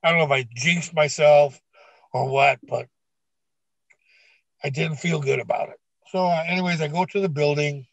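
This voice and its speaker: A middle-aged man, a retired wrestler, telling a story in a blunt, profane, animated way on an interview podcast. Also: on the high side, normal speed, gravelly, long pauses, no echo. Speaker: retired pro wrestler guest. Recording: dull, dry lo-fi recording.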